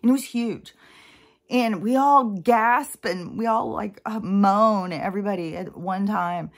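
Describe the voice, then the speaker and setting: Woman, casual vlog monologue, meandering, lots of fillers, mid-pitched voice. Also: measured pace. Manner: chatty, meandering, many fillers and asides. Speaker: vlogger.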